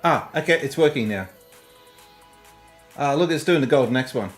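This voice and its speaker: Male streamer, easygoing and chuckly, animated pitch. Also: normal speed, faint music behind. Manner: laid-back, chuckling, muttering while fixing tech. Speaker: streamer hosting a game stream. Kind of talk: casual chat while streaming.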